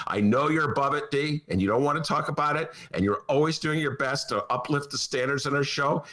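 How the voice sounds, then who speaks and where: A man hosting a comic political talk show from his attic, sarcastic and animated, with a Chicago accent. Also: a little high, a little fast, hardly any pauses. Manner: sarcastic, animated, jumps between mock voices and asides. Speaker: podcast host. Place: home attic studio.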